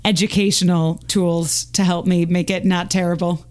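Smooth-voiced author guest, eager. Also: female voice, fairly low pitch, little pitch movement, normal speed, darkish tone. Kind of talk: casual podcast chat.

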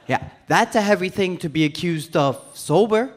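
A man's voice: high-pitched, animated, normal speed, hardly any pauses, background noise. A man doing stand-up comedy on stage, telling a story and acting out the other people's voices. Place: comedy club stage before a live audience.

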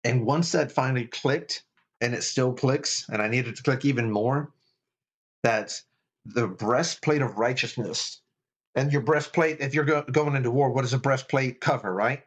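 A man's voice: mid-range voice, moderate pace, husky. A middle-aged man speaks as a chaplain in an earnest, preachy but casual way. He often restarts his sentences as he thinks aloud. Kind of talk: casual faith talk.

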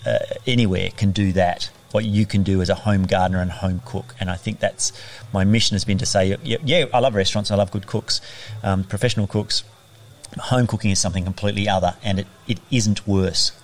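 A man's voice: on the low side, steady tone, brisk. A middle-aged man from Australia, a chef turned farmer, speaking reflectively in a conversational interview, with frequent fillers and restarts.

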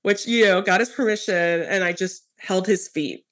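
A woman hosts a podcast and tells a personal story in a relaxed, chatty way. Her voice sits at a middling pitch, and she leans on plenty of fillers as she goes. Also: normal speed. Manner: animated storyteller, many fillers. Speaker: podcast host. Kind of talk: casual conversational interview.

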